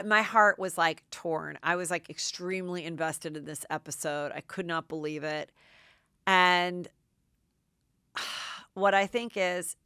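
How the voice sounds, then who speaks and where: Middle-aged woman podcast host, chatty gossip recapper, lowish resonant tone. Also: clean tone, dry recording, clean studio sound. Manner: chatty, excitable recapping with many "like"s. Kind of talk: casual gossip commentary.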